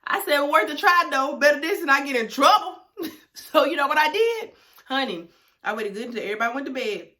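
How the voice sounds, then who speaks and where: Animated young woman telling a story. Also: high-pitched, a little fast. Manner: animated, talks straight to viewers, drops to hushed whispers for asides. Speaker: vlogger. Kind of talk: casual storytelling to camera.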